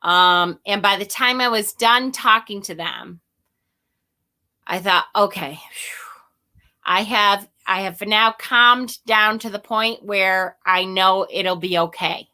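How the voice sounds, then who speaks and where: Speaking slowly in a bright, forceful mid-range voice, a woman who vlogs about spirituality confides casually in her viewers. She rambles somewhat, swears, chuckles at herself, and reads comments from her audience aloud.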